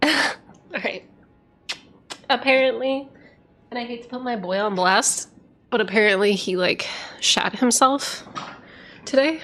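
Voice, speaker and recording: A woman's voice: on the high side, unhurried, long pauses, fairly bright tone, slight background noise. A woman streaming a video game, chatting casually and giggling, who switches to baby talk with her dog. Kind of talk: casual live-stream chat.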